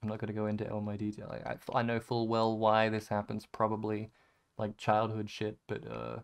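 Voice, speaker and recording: A young man talking candidly in a personal vlog, rambling and halting, swearing casually and trailing off quietly, still emotional after crying. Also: fairly low pitch, monotone, gravelly, clean tone. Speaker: vlogger.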